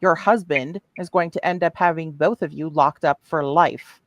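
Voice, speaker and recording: A woman's voice: low voice, fairly even intonation, moderate pace, no room sound, muffled recording. A woman hosting a heated livestream callout, furious and heavily profane.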